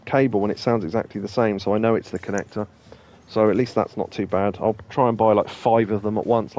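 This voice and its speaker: A man's voice: on the low side, darkish tone. A man hosting a let's play, talking casually and rambling with plenty of ums and asides. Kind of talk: casual gameplay commentary.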